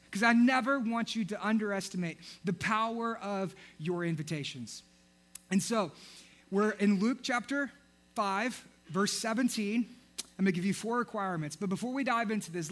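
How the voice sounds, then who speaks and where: A young man preaching a sermon, telling a story in an animated way and acting out the characters. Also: sits high. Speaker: pastor.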